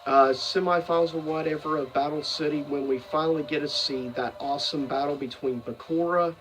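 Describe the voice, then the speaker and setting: A man's voice: on the high side, fairly even intonation, brisk, recorded from a distance, poor audio. A man giving a casual, rambling commentary as a video host, full of fillers and self-corrections. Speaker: video host ranking seasons of a cartoon.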